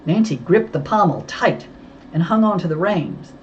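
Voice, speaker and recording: Low, lively woman narrator for a storybook; dull, lightly hissy recording. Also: moderate pace. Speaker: audiobook reader.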